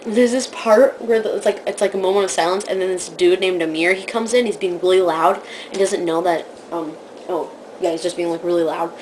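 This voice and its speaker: A woman chats to the camera in a casual vlog, gushing and excitable as she recounts things. She keeps jumping into high, squealed impressions of what people said. A faint hiss of noise sits under her voice. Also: rough recording. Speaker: vlogger.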